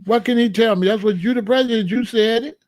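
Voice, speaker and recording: Casting: male commentary host, high voice, heated repetitive rant style. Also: fast, darkish tone. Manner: emphatic, repetitive, incredulous rhetorical questions. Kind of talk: solo political commentary rant.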